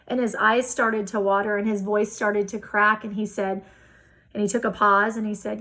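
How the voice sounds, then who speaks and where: Gravelly-voiced woman telling a lively story. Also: mid-range voice, normal speed, rough recording. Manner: animated storyteller acting out quoted dialogue. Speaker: real estate investor guest. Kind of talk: storytelling in a casual interview.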